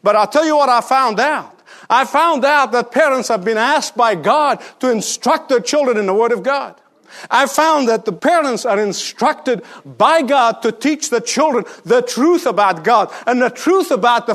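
A middle-aged man preaches with a notably high voice that rises and falls with a lot of movement. He presses his points home with rhetorical questions and repetition, in a firm pulpit manner. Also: animated, normal speed, fairly bright tone. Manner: emphatic preacher, rhetorical questions, repeats for stress. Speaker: pastor. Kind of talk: sermon.

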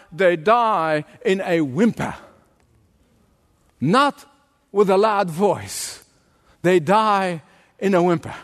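A man preaching a sermon as pastor in a church, deliberate and emphatic, building his points through repeated phrases. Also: very high voice, a bit bright, big-room sound.

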